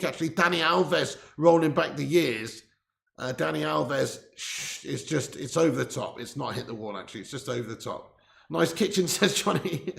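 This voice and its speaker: Gravelly, chatty man in an echoey room. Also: a little high. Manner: chatty, laughs often, reads out viewer messages. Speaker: live stream host. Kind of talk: casual live watch-along chat. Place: room indoors. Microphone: laptop mic set far away with gain turned up.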